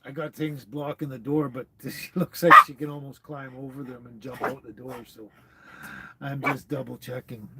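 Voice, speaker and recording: A man's voice: medium pitch, fairly even intonation, moderate pace, very noisy. A man hosting a casual livestream, rambling with many fillers as he answers viewer comments. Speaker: livestream host. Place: tiny house on wheels. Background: dog barking.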